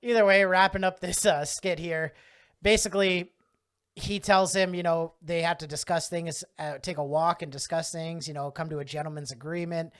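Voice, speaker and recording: A man's voice: fairly high pitch, steady tone, moderate pace, fairly bright tone, clean tone. A man co-hosting a podcast, chatting casually as he recaps a comedy skit, laughing often and acting out the lines he quotes. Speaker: podcast co-host.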